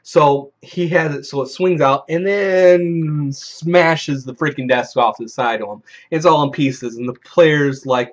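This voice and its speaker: On a dull lo-fi recording, a man with a voice on the high side tells a profane, wandering story from a tabletop game, unhurried yet barely pausing. As video host, he acts out each player he quotes.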